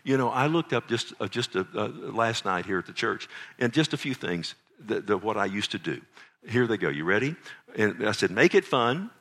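A middle-aged man preaching a sermon, animated, full of rhetorical questions. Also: lowish voice, moderate pace. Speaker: pastor. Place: church sanctuary.

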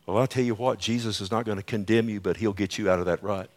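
A middle-aged man preaching a sermon with an altar call, swinging between booming quoted scripture and hushed, whispered pleading. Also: steady tone, quick pace. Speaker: pastor. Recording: faint music underneath.

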